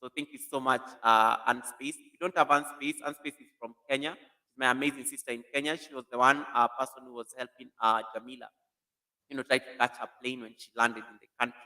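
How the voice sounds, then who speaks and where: Guy doing a casual live stream, bright voice, calls out viewers by name, echoey mic. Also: medium pitch, fairly quick. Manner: greets viewers by name, animated and chatty. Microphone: computer mic. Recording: echoey room sound.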